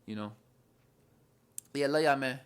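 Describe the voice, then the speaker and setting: A man's voice: medium pitch, a little slow, clean tone. A young man giving a casual, earnest Bible lesson, rambling and repeating "you know what I mean.". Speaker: Bible study teacher. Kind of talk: casual devotional talk.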